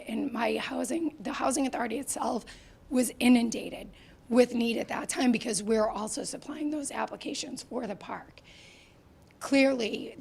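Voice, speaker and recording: Woman, hoarse and gravelly, soft-spoken, housing official at a town meeting, higher-pitched. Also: a little hiss or hum. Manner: soft-spoken, earnest and insistent. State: lost her voice, hoarse. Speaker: housing authority director. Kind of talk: public meeting testimony.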